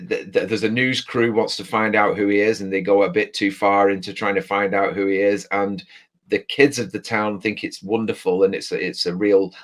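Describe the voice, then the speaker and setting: A British man guesting on a casual movie chat, enthusiastic but halting, with many fillers. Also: lowish voice. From Britain. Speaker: podcast guest.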